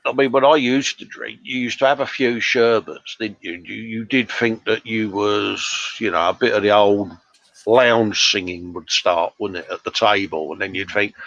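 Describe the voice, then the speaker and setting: A man's voice: on the low side, fairly even intonation, moderate pace, a bit bright, no room sound. A British man hosting a live workshop stream, chatting casually, laughing often and reading out viewer comments. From Britain. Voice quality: chummy, laughs often, says "mate" a lot. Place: home workshop bench. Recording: dull dry sound.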